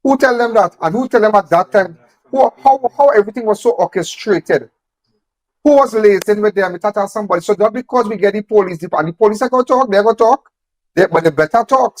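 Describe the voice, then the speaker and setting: Emphatic man, high voice. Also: dry recording. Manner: emphatic, repeats phrases, rapid-fire rhetorical questions. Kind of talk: impassioned on-camera talk.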